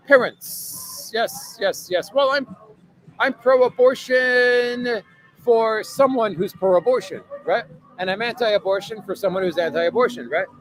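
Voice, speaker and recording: A man's voice: high voice, poor audio. A man chatting casually on a livestream in a bar or restaurant, reading viewer comments and rambling with lots of fillers, often tagging "right?" onto his sentences. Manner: rambling, filler-heavy, keeps asking "right?". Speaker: live streamer reading viewer chat.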